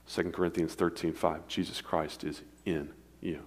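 A man preaching a sermon with a dynamic delivery, swinging between emphatic, raised passages and hushed, quiet ones. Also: sits low, flat delivery, moderate pace. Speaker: pastor. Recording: long reverb of a large hall.

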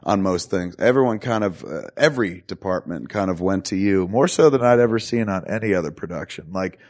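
Lower-voiced male host, loose and animated, casual swearing. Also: brisk. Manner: animated, acts out quotes, swears. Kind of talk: casual podcast conversation.

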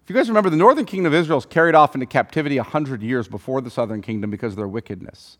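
A man teaching a Bible study group, thinking aloud with many pauses and restarts and putting questions to the listeners. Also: medium pitch, expressive.

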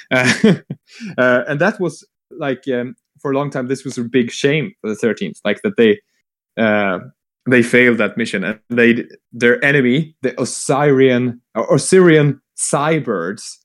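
A man casually retelling a long war story, rambling with fillers, swearing and quick acted-out quotes. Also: medium pitch. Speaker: podcast co-host retelling lore. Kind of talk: casual chat.

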